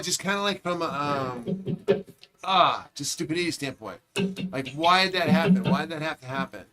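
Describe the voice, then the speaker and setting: A man's voice: on the high side, moderate pace, bright, forceful tone, soft background music. A man chatting casually with live viewers, rambling and swearing freely in a laid-back way. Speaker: livestreamer. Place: large public train terminal.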